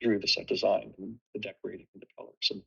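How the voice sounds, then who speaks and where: Gravelly man musing on set design. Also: fairly low pitch, level tone, fast, sharp tone, highs cut off. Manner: thoughtful, many restarts. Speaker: production designer. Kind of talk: casual panel discussion.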